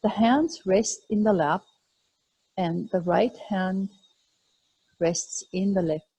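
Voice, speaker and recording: A woman teaching a yoga class, guiding breath and meditation in a slow, calm, soothing way. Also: medium pitch, husky, poor audio. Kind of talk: guided yoga instruction.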